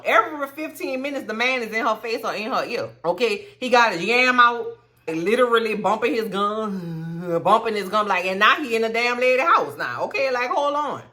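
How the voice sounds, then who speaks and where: A young woman recapping a TV episode in casual, profane, animated chat. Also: a little high, moderate pace. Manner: animated, profane, sassy storytelling. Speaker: commentary host.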